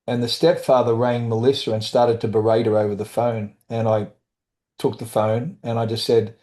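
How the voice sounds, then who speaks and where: Middle-aged male guest, warm low-key timbre, halting storyteller, quotes others in passing. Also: level tone. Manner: halting, with restarts and brief quoted voices. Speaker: guest, author and trauma survivor. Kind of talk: candid storytelling in conversation.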